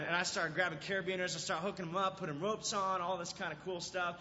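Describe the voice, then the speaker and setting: A man's voice: high voice, fairly quick, few pauses, noisy background. A young man giving a casual sermon to a youth group, telling stories and acting out scenes, with lots of "like" and "right?". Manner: animated storytelling, acts out scenes, fillers like "like" and "right?". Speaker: youth pastor. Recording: dull lo-fi sound in a reverberant hall.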